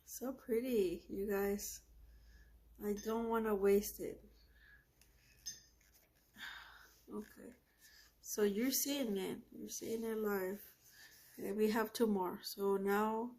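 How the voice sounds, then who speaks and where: A woman's voice: medium pitch, mellow. A woman hosting an art channel, casually reviewing paints as she swatches them, gushing and often trailing off mid-sentence.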